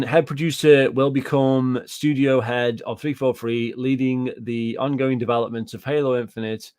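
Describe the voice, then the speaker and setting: A man's voice: medium pitch, darkish tone. A British man giving casual reaction commentary on gaming news, ranting and swearing, repeating himself and answering live chat.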